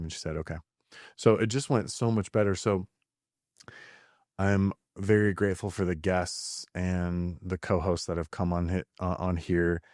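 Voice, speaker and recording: Low-voiced man, earnest podcast host. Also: fairly even intonation, a little mellow, no echo, studio quality. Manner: earnest, halting, with many fillers and restarts. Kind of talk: reflective podcast monologue.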